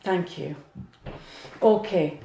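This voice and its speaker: A woman's voice: fairly low pitch, extremely slow, gravelly, warm tone, reverberant. A woman doing a live-streamed psychic reading, earnest and emotional, talking to viewers by name. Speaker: psychic medium.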